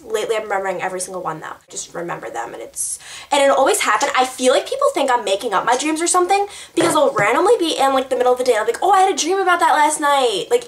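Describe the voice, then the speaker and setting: A woman's voice: high voice, sing-song, racing. A young woman chatting to camera in a rambling, giggly way, answering tag questions. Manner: bubbly, rambling, giggly, lots of "like". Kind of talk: casual chat to camera.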